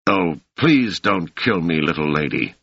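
A man's voice: sits low, animated, unhurried, a bit bright, breathy edge, no room sound, heavily acted. A man doing a sneering street thug. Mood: mocking. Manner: taunting, sneering. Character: swaggering male street thug, mocking and cruel. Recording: dry, slightly muffled lo-fi audio.

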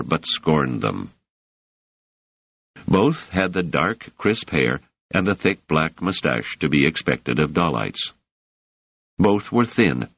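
A man reading a novel aloud in measured, expressive narration, in a slightly muffled recording. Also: very deep voice, no echo. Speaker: audiobook narrator. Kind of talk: scripted narration.

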